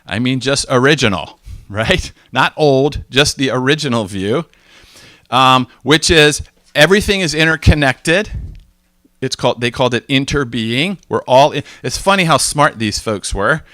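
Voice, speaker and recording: Animated American man telling a story. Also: mid-range voice, normal speed, no room sound, clean studio sound. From United States. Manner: animated storytelling, acts out quoted exchanges, frequent restarts. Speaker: speaker. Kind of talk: informal talk to a group.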